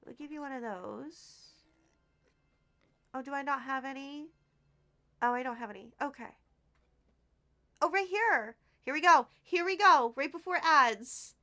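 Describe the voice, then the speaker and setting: A woman live-streaming a game, chatting casually with viewers and gushing with excitement over what she finds. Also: sits high, unhurried, pauses often. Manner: excitable, gushing and squealing with delight; chatty, addresses viewers as sweethearts.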